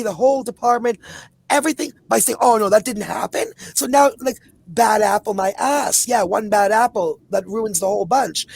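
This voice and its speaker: A woman in her forties from Canada, a publicist and activist talking in a passionate podcast conversation with quick, emphatic run-on asides. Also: a little high, vocal fry, a little mellow, slightly rough, dry recording. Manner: rapid, emphatic, run-on storytelling with many asides.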